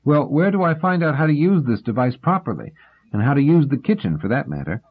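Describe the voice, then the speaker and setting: Guy voicing a wry scholarly man, earnest, kinda husky, sounds phone-tinny. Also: a little high, very animated, fairly quick, pitched above the performer's own voice.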